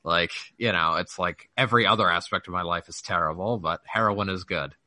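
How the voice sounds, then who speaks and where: A man with a lowish but bright, edged voice joins the conversation. He starts and restarts, hedges with fillers and lets his sentences trail away. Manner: halting, hedging, trails off. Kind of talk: casual chat.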